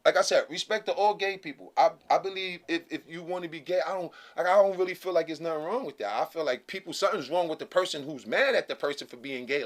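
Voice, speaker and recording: A middle-aged man sounding off in a loose, casual rant. His voice sits high for a man, and he circles back over his points, breaking into laughing asides. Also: quick pace, hardly any pauses. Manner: animated, repetitive, laughing asides. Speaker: vlogger.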